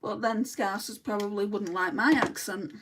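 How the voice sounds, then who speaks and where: Answering comments from viewers as she does her makeup, a woman from Lancashire, England, chats bluntly in a Lancashire accent. This beauty vlogger's medium-pitched voice has fairly even intonation and a moderate pace, recorded a little away from the mic with background noise present.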